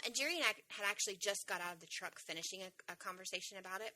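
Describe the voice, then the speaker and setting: Woman podcast co-host, very bright voice, animated storyteller, swears casually. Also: mid-range voice, fast talker, rough recording. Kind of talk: casual chat.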